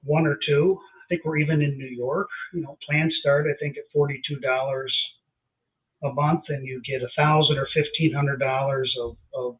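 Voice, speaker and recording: A man's voice: mid-range voice, steady tone, normal speed. A man appearing as an insurance agent guest on a casual show, explaining things in a plainspoken way. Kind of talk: casual chat. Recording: phone-like call-in audio.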